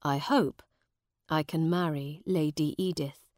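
A woman voicing a kind adult soldier who speaks gently and plainly. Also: low voice, fairly even intonation, takes it slowly, dry recording, clean studio sound. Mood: gentle.

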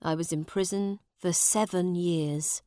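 A woman voicing a kind adult soldier who speaks gently and plainly. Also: on the low side, fairly even intonation, a little slow, no echo, close to an everyday voice. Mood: gentle.

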